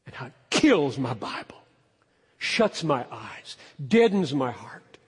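A man preaching an expository sermon, emphatic, climbing to loud peaks and then dropping low. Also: very animated, slow pace, slightly rough. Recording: long hall reverb.

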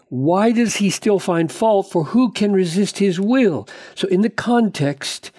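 A man delivers a Bible teaching at a slow, deliberate pace, leaning hard on key words. His voice sits a little higher than most men's yet sounds dark and mellow. He speeds up when reading quotations aloud. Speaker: preacher.

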